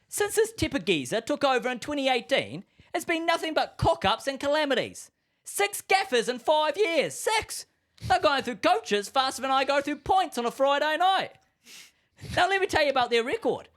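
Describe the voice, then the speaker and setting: A man's voice: very high voice, fairly bright tone, full character voice. A man on a podcast doing a shaky put-on British accent as a rambling conspiracy-theorist bloke, full of slang. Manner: spinning a yarn, full of slang and wild comparisons. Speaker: podcast co-host. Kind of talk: comedic scripted rant.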